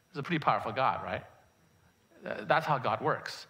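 Lively, bright-voiced male pastor preaching. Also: mid-range voice, moderate pace, long pauses. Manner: storytelling with many fillers, building to emphatic preaching. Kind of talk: sermon.

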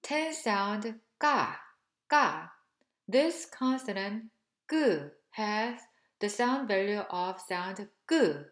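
A woman teaching pronunciation, speaking slowly and deliberately and repeating syllables for learners to copy. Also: medium pitch, reverberant. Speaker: language teacher. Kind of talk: pronunciation drill lesson.

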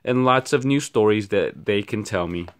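A man doing a gentle, polite grizzly bear. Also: on the low side, lively intonation, moderate pace, clean tone, close to an everyday voice.

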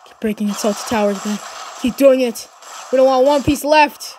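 A woman giving excited gameplay commentary, cheering and shouting encouragement at her teammate. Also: high-pitched, moderate pace, a little hiss or hum. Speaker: gaming channel host.

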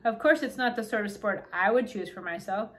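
A woman's voice: mid-range voice, brisk, fairly bright tone, close to an everyday voice. A woman voicing a fussy, haughty little doll-sized king who speaks in a dry, formal way.

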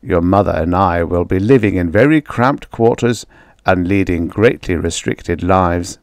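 Man playing stern gruff father, lowered voice, slow and grave, dry close audiobook. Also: no echo. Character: stern brilliant father, big middle-aged man, gruff.

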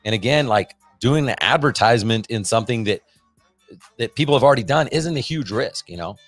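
A man's voice: medium pitch, dry recording. A middle-aged man hosting a podcast, talking casually in an upbeat, salesy pep-talk manner, with lots of fillers. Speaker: podcast host. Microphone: podcast microphone.

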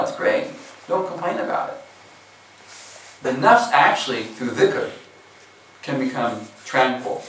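A man's voice: a little high, a bit bright, slight background noise. An American man giving a casual, chatty sermon as a Muslim preacher, full of filler phrases. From USA. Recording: echoey hall recording from far off.

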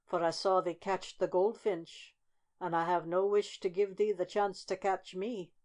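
A woman voicing a small, cheerful and wary male robin who talks in a chirpy, polite way and turns down offers quickly. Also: lowish voice, little pitch movement, a little mellow, natural voice. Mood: cautious.

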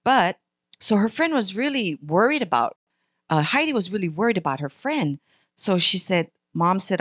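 A woman tells a children's story with lively, animated delivery. Her voice sits at a middle pitch. It sounds close and dry, with no echo.

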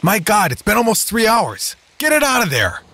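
A man voicing a fussy middle-aged male scientist with a high, squeaky, irritable voice. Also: a little slow, vocal fry, slightly rough, full character voice. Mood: frantic. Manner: shrill, irritable.

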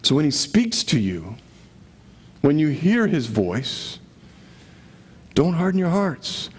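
A man's voice: on the high side, very animated, slow pace, slightly rough. A man preaching a sermon to his congregation in a conversational way, often asking rhetorical questions. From Connecticut. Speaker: pastor.

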